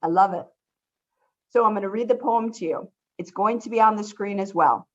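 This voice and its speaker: A woman's voice: mid-range voice, normal speed. Woman, instructor, online class, encouraging, upbeat, mid-range voice, muffled call audio. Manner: encouraging, upbeat, often says she loves it. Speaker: college instructor. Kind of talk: online workshop teaching. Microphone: video call. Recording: dull lo-fi video call audio.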